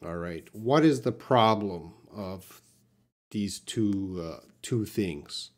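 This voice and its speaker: Slow, patient male English teacher. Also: lowish voice, darkish tone. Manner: slow, patient, reads out viewer questions. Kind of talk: live-stream English lesson. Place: classroom with a whiteboard.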